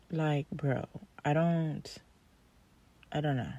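A woman's voice: sits low, fairly even intonation, slow pace, long pauses, warm tone, no echo. A young woman hosting a podcast, telling dating stories in a blunt, exasperated, profane casual rant. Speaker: podcast host.

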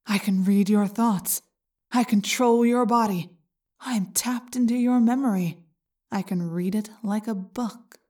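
A woman voicing a gloating male alien parasite in an audiobook, slow and mocking. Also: mid-range voice, mellow, far from the mic, natural voice. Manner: slow, taunting, smug. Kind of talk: audiobook character reading.

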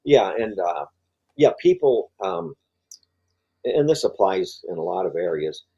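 Low, husky older man talking. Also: very animated, a little slow, warm tone, dull audio. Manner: rambling, many fillers and restarts. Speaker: guest. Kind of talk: podcast interview conversation.

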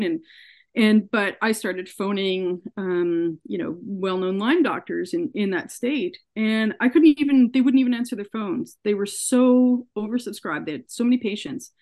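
A woman speaks as an interview guest, recounting her experience in earnest. She voices the people in her story as she goes, at a middling pitch for a woman. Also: a little mellow. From Canada. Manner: earnest, recounts events by acting out quoted dialogue. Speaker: podcast guest. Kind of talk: personal story told in an interview.

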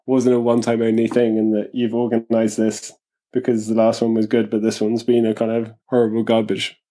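A man's voice: lowish voice, monotone, brisk, mellow. A man, a poet, chatting as a podcast guest, self-deprecating and often restarting his sentences. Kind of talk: casual podcast chat.

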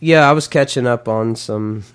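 A man's voice: mid-range voice, moderate pace, smooth. A man co-hosting a podcast, telling stories in casual chat with frequent laughs and swearing. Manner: animated, swearing storyteller who laughs often. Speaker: podcast co-host.

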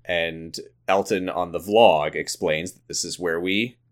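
A man's voice: low voice, fairly even intonation, unhurried. A man co-hosting a podcast, casually recapping a TV episode with jokes and retold scenes. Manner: joking, retells scenes with acted quotes. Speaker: podcast co-host.

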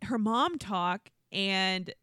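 A woman co-hosting a casual podcast, lively and quick to slip into exaggerated voices when she quotes people. Her voice sits in a middling pitch range. The sound is dry and close, with little room around it. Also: clean tone, no room sound. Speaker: podcast co-host. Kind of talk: casual chat recapping reality TV.

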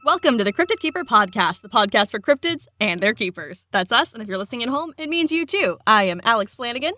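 A woman's voice: a little high, big pitch swings, fast talker, sharp tone. An American woman co-hosting a comedy podcast, chatting casually with a giggly, rambling, self-deprecating manner. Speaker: podcast co-host.

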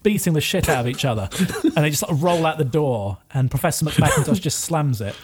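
A man's voice: a little high, animated, brisk. A man narrating a tabletop role-playing game as game master, improvising with frequent laughter.

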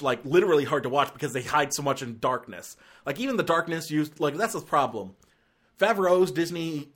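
A man with a fairly high voice, reviewing a film in a loose, rambling way. He sounds exasperated and circles back on his points, with lots of fillers and restarts. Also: a bit bright. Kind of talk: casual spoken review.

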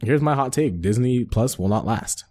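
A man's voice: mid-range voice, lively intonation, mellow. A young man co-hosting a casual chat podcast, talking loosely and joking with lots of fillers. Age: young adult. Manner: fast, laid-back, joking, lots of fillers. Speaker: podcast co-host.

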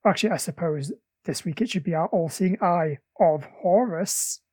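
A man hosts a casual podcast, trading playful jokes and quick asides. His voice is husky, and the sound is close and dry. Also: on the high side, warm tone, dry recording. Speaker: podcast host.

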